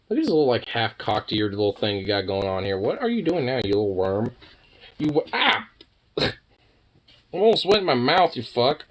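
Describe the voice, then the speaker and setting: A man talking to his dog on camera in teasing baby talk, laughing and swearing, dropping to low mutters and jumping up to high squeals. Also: big pitch swings, moderate pace. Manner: laughs often, swears casually. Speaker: dog owner filming his husky. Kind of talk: casual talk to a pet on camera.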